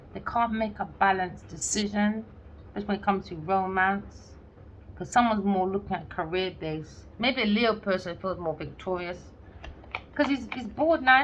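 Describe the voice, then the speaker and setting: A woman giving a casual tarot reading, blunt and sarcastic, swearing freely and acting out lines of imagined dialogue. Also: mid-range voice. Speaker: tarot reader. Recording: slightly dull lo-fi audio with faint background noise.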